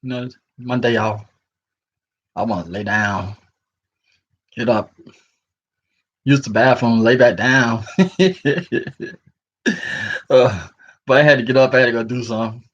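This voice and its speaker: A man's voice: mid-range voice, slow pace, long pauses. A sleepy man rambling casually to his viewers from home, chuckling often and talking in slang. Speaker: vlogger. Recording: muffled lo-fi recording.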